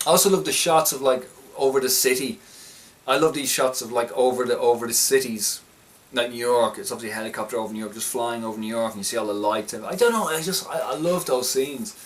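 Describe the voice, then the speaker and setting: A man's voice: medium pitch, quick pace. Rambling man, set back from the mic. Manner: rambling, repeats words and restarts often; enthusiastic. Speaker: film reviewer. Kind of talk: casual spoken film recap. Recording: slightly distant mic, faint background noise.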